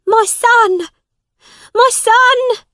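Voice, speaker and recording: A woman voicing a desperate poor mother who cries out for her lost son in a shrill, high-pitched voice. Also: very slow, bright, forceful tone, no echo, studio quality, exaggerated voice. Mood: frantic.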